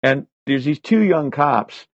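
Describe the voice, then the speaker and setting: Husky man telling profane stories. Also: medium pitch, takes it slowly, no room sound. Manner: profane, animated anecdotes with many fillers. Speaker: guest. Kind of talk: casual storytelling interview. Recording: slightly dull lo-fi audio.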